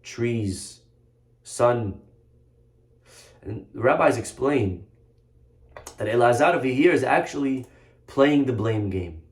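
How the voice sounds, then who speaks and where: A man's voice: medium pitch, animated, slow pace, pauses often. A man giving a sermon as a rabbi, telling a story and asking the audience rhetorical questions. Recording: echoey room.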